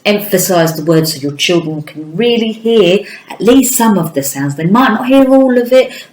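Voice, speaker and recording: A woman teaches phonics to young children at a very unhurried pace, drawing out each letter sound in a sing-song way. Her voice sits a little low for a woman. The room around her rings with echo. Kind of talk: early-years phonics lesson.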